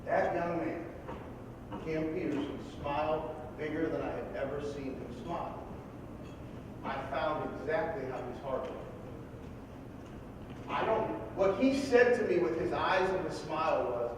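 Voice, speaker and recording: A high-pitched man, a football coach, tells stories in a motivational speech and now and then bursts into loud yelling. His voice comes from far off in a big hall with a long, booming echo. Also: normal speed, background noise.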